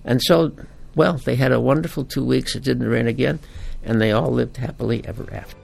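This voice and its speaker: A man, a priest, giving a homily in a folksy, animated storytelling manner. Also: mid-range voice, fairly quick, gravelly.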